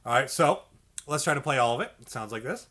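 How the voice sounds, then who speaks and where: Medium in pitch and expressive, this man talks at a quick pace. He's teaching a beginner clarinet lesson on video, staying patient and encouraging, checking in with "okay" and "all right," and demonstrating notes by singing their syllables.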